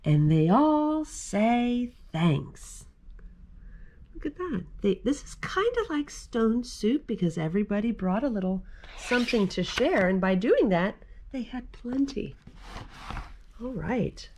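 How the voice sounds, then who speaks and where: A woman, a children's librarian, reading picture books aloud and talking to young children in an animated, sing-song way. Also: fairly high pitch, measured pace, a little hiss or hum.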